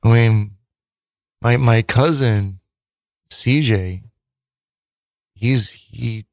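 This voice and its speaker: A man's voice: mid-range voice, very slow, gravelly, darkish tone, no room sound. A man chatting casually on a radio show, laid-back and a little hesitant, with short replies.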